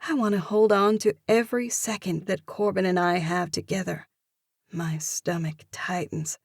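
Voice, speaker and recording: A woman narrating a first-person romance audiobook, in a measured, expressive manner. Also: on the low side, no room sound, clean studio sound.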